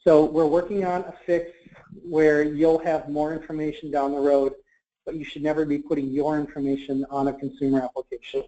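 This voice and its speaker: A man's voice: a little high, flat delivery, a little fast, mellow. A man answering questions in a webinar, explaining policy carefully and hedging, with many fillers. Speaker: government marketplace representative. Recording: muffled webinar audio.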